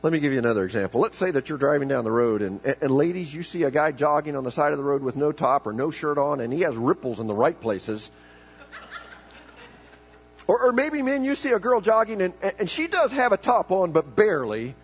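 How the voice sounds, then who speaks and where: A man's voice: fairly high pitch, sing-song, a little fast, husky, low-quality recording. A man preaching a folksy, joking sermon in church, often repeating words as he starts a thought. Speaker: pastor.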